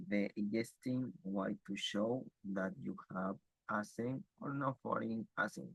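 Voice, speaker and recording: A man reads a passage aloud, slowly and haltingly, stumbling and restarting over words. His voice sits a little low, and the recording is dry and close with no room sound. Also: gravelly, a bit bright, husky, no room sound, poor audio. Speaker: student reading aloud. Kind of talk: reading a text aloud for an exam.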